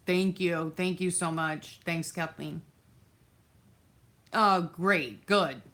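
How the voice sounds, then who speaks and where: Woman, lowish voice, casual live-stream chat, rambling, friendly thanks to viewers, drifts off mic at times. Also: fairly even intonation, takes it slowly, fairly bright tone. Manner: chatty, reads viewer comments aloud, thanks viewers by name; many fillers and restarts, easily distracted. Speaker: crafting livestream host.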